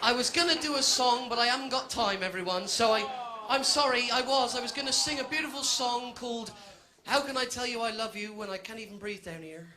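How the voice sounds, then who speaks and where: A man's voice: extremely high pitch, a little fast, crowd noise, background noise. A man doing a stand-up comedy set, telling a cheeky story to a live audience in a chatty way.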